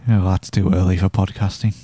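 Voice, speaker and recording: A man's voice: low voice, level tone, a little fast, dark tone, no room sound. A man co-hosting a podcast in casual chat, teasing the others dryly. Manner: dry teasing. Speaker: podcast co-host.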